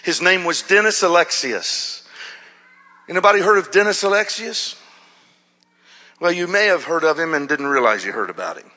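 A man preaching a sermon as a pastor, telling a story in an animated way, acting out quotes with shouts and whispers. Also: a little high, normal speed, pauses often. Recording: dull recording in a hall with long reverb.

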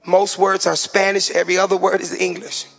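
Gravelly older man preaching in a hall. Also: high voice, completely flat delivery, soft background music. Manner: preaching with emotional pauses, dropping soft on heavy moments. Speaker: pastor. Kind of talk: sermon. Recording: dull sound with long hall reverb.

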